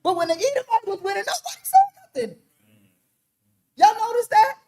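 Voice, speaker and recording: Woman preacher, high voice, emphatic street-style teaching to a room. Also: big pitch swings, a little fast. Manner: emphatic, loud, vernacular, addresses the room directly. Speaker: teacher leading a Bible study.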